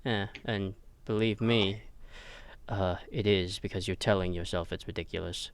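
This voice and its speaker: A man voicing a calm male mentor who patiently probes and challenges a younger officer. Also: deep voice, normal speed, smooth, no echo. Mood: wry. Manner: patient, probing, gently challenging. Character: calm male mentor, a past host addressed as sir.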